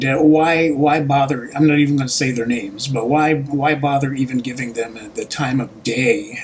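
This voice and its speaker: A man's voice: medium pitch, a little hiss or hum, poor audio. Rambling, wry middle-aged male host. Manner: rambling with many fillers and restarts, wry joking asides. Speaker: YouTube political commentary host. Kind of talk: casual solo monologue to camera.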